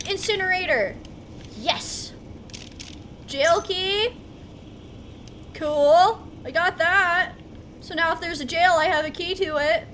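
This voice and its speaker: A woman streamer giving casual gameplay commentary, excitable and talking to herself, with yelps as she plays. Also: very high-pitched, a little hiss or hum. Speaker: gaming streamer.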